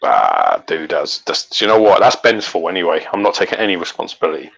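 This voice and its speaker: A man's voice: low-pitched, very animated, quick pace, vocal fry, a bit bright, breathy edge, muffled recording. An English man co-hosting a casual chat, swearing and bantering boisterously. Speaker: co-host.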